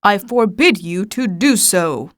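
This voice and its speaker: A woman's voice: medium pitch, lively intonation, takes it slowly, no room sound, clean studio sound. A woman voicing a proud, pompous old king in an audiobook reading, speaking in a commanding, stately way. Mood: stern. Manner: commanding, stately, a little flustered.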